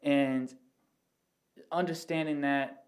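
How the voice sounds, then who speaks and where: Flat-voiced man musing earnestly. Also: fairly high pitch, slow pace. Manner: rambling, full of "you know what I mean" asides; earnest, explains with everyday analogies. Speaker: podcast guest. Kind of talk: casual reflective conversation.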